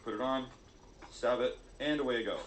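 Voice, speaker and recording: A man's voice: mid-range voice, a little fast, slight background noise. Man, cooking-show host, joking as he works, roomy echoey sound. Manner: jokey, self-mocking, chatty. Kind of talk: cooking demonstration video.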